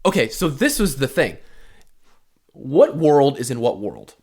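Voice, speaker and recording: A man's voice: medium pitch, measured pace, slightly rough. A man co-hosting a casual podcast chat, joking and swearing freely. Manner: joking, animated, swears a lot. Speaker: podcast co-host.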